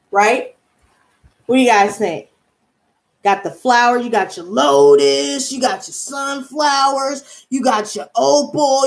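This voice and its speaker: Profane, animated woman in her twenties. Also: on the high side, roomy sound. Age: 20s. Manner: blunt, profane and heated, ranting and laughing. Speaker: tarot reader and streamer. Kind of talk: casual livestream chat.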